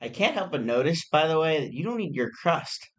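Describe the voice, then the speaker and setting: A man's voice: fairly high pitch, very animated, brisk, fairly bright tone. Chatty young male podcast host. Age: young adult. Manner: eager, chatty, stumbling over words. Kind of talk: casual podcast interview.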